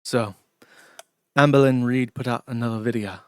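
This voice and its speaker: A man's voice: mid-range voice, steady tone, clear, resonant tone, dry recording, clean studio sound, natural voice. A man doing an impression of a dour, serious Scottish male video commentator who speaks in a downtrodden, accusing way with a Scottish accent. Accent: Scottish (put on). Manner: downtrodden, grave, slow and accusing.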